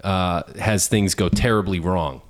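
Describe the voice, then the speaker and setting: A man's voice: low-pitched, a little slow. A man co-hosting a casual film podcast, reacting and asking questions. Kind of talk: casual chat.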